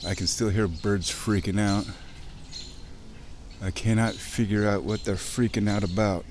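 A man giving casual running commentary to himself while wading through a muddy creek outdoors, chatty, with sudden excited bursts. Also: lowish voice, measured pace, background noise. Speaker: outdoor vlogger. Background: birds chirping.

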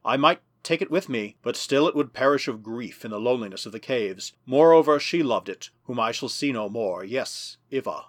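A man voicing an ancient, bitter male superman ruler who speaks in slow, grave, menacing pronouncements. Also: mid-range voice, animated, no echo, studio quality, lightly acted. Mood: low brooding.

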